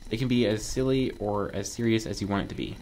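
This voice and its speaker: A man playing a platform game and commenting as he goes, excitable and joking, yelping when something surprises him. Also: on the low side, fast. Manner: excitable, talks to himself, yelps when surprised; joking asides to viewers. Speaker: gaming video creator. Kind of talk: casual let's-play commentary.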